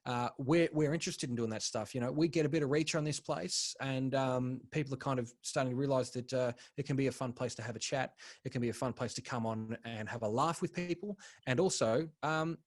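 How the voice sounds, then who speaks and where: A man's voice: medium pitch, fairly quick, few pauses, no room sound. Laid-back young man, dry close sound. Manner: rambling and laid-back, swears freely. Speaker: podcast co-host. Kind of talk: casual podcast chat.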